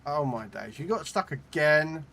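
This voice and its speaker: A man's voice: a little high, animated, unhurried, gravelly, pushed and bright, a little hiss or hum. A man streaming a video game, chatting casually with his viewers and swearing at the game as he plays. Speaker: gaming streamer. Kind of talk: live game stream commentary. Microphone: desk condenser mic.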